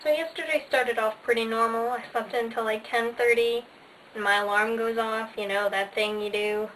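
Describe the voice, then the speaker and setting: A woman's voice: on the high side, steady tone, moderate pace, fairly bright tone. A teenage girl vlogging casually, bubbly and sarcastic, with lots of "like" fillers. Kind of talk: casual chatty vlog. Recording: faint hiss, slightly distant mic.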